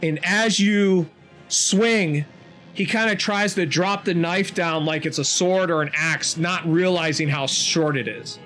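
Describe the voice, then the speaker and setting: A man narrating a tabletop role-playing game as game master, describing the action slowly and with many fillers. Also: a little high, a bit bright, faint music behind.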